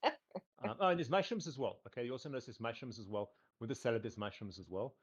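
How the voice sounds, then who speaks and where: A man running a tabletop game as game master, narrating casually and often pausing on "um" and a repeated "cool". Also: medium pitch, big pitch swings, breathy edge, muffled recording. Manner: rambling, full of "um" and repeated "cool".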